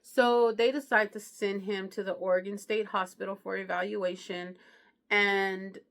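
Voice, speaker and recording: A woman's voice: medium pitch, steady tone, a little slow, creaky. A woman reviewing a true crime book, retelling it in a chatty, slangy way with lots of asides to the listener. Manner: slangy, chatty, keeps asking "you know what I mean". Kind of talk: casual true crime storytelling.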